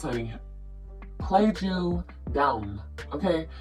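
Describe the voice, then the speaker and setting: A woman's voice: sits low, moderate pace. Play her as a blunt, foul-mouthed woman vlogger ranting over background music. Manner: blunt, profane, confrontational. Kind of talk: ranting live video.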